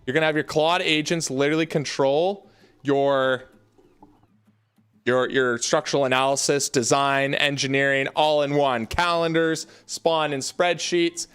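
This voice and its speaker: A young Canadian man hosts a relaxed livestream in his home basement, soft music playing underneath. His voice is on the high side, clear, resonant and a bit bright, with fairly even intonation at a measured pace, and he's hyped and chatty, talking right to chat and calling viewers "baby" and "y'all."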